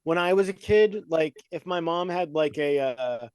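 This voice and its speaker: A man hosts a loose, laughing chat, wandering through his thoughts with plenty of fillers. His voice sits a little high. The sound is dry and close to the mic. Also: expressive, normal speed, darkish tone, smooth, no room sound. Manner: rambling, laughs often, lots of fillers. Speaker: podcast host. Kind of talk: casual chat.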